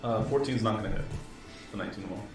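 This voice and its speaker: A man running a tabletop game as game master in a casual, easygoing way, quick to correct his own slips. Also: lowish voice, heavy reverb, distant mic, loud music behind the voice.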